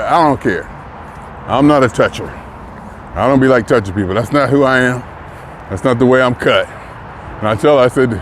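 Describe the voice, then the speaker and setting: A man in his early sixties talks bluntly in a relaxed vlog monologue, often breaking into a chuckle. His voice sits at an ordinary pitch. He is out walking, with faint traffic heard behind him. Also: normal speed, pauses often. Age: 60s. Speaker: vlogger. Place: outdoors, walking.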